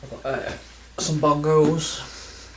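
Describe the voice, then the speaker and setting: A man's voice: a little high, level tone, slow, slight background noise, poor audio. A man chatting in a casual vlog, rambling and self-deprecating, with plenty of ums and restarts. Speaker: video game collector vlogger.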